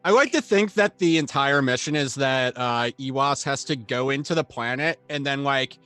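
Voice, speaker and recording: A man's voice: medium pitch, moderate pace, pushed and bright, smooth, no room sound, faint music behind. A man playing a tabletop role-playing game, goofing around in a playful way. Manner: goofy, playful. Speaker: player. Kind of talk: casual tabletop game chat.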